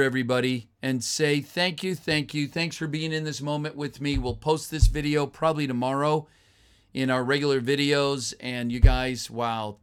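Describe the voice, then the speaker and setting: A man hosting a casual live stream, chatting with viewers, thanking them and answering their messages with plenty of fillers and sudden excited outbursts. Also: on the high side, smooth. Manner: chatty and grateful, with frequent fillers and bursts of excited exclamations.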